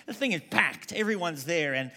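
Male conference preacher, lively storyteller, slightly higher voice, drops low when quoting others. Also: moderate pace. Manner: animated storyteller, quoting people in hushed voices.

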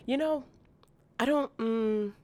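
A young woman chatting as a guest, animated and playful, acting out little silly voices as she tells stories. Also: on the high side, takes it slowly. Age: young adult. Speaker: podcast guest. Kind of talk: casual chat.

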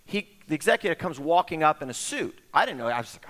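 A middle-aged man preaching a sermon as pastor, telling stories in an animated way and acting out the voices of the people in them. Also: a little high, quick pace, hardly any pauses. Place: church sanctuary. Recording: long hall reverb.

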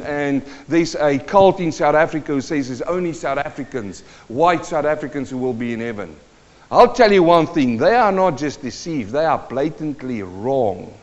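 A man preaching with a fairly high, lively voice, firing questions at his listeners and answering them himself. His voice rings out with a long reverb, and the recording sounds muffled and dull. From New Zealand. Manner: animated, emphatic, asks the audience questions. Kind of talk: sermon.

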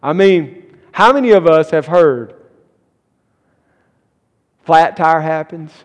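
A man's voice: a little high, slow pace. A man preaching a sermon, reading scripture and then building emphasis as he explains it. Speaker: pastor. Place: church sanctuary. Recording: long church hall reverb.

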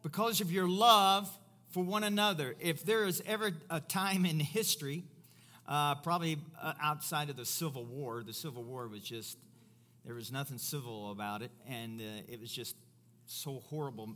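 A man's voice: on the high side, moderate pace, bright, forceful tone, slight background noise. A man preaching in church, with joking asides to his co-presenter. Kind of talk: church sermon and banter.

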